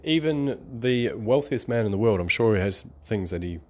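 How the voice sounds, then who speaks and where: A man giving a rambling, conversational motivational monologue about money beliefs, with some sarcasm and quick laughs. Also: on the low side, expressive.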